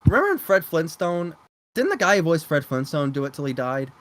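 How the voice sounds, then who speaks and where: Man, podcast co-host, lively pitch, stammering, joking, casual chat. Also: fairly quick, no room sound.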